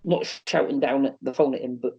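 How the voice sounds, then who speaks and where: A man telling animated, self-mocking stories on a podcast, often restarting and laughing. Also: mid-range voice, a little fast, vocal fry, breathy edge. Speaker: wrestler and wrestling promotion owner. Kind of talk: podcast interview storytelling. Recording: slightly muffled podcast audio.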